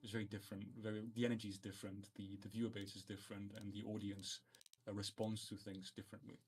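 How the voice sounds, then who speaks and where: A man's voice: on the low side, little pitch movement, fast, a little hiss or hum. A man moderating a live stream, chatting playfully on a voice call and rambling with many fillers. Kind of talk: casual group chat on a live stream.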